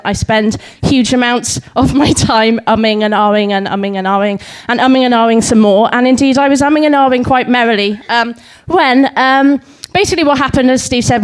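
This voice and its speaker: A woman's voice: on the high side, poor audio. A young woman giving a comic talk of limericks to a live audience, giggling and umming often. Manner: giggly, many ums, self-deprecating. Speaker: speaker at a live talk event. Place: pub venue before a live audience.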